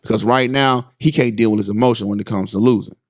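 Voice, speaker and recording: A man in his thirties hosting a casual parenting podcast. He tells family stories in a lively way, keeps checking in with his listeners, and acts out his sons' voices with big jumps in pitch. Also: quick pace. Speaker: podcast host and father.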